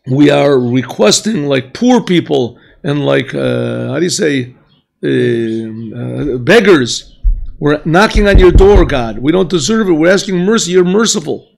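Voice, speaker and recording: A rabbi teaching a class, asking questions, mixing in Hebrew phrases and often clearing his throat. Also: a little high, expressive, slow pace. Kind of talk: yeshiva class lecture. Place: yeshiva classroom.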